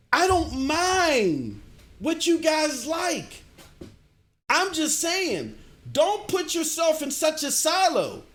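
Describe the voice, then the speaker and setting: A middle-aged man streaming games, ranting and answering his chat in an animated way. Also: very high-pitched. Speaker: gaming streamer. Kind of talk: livestream commentary, answering chat.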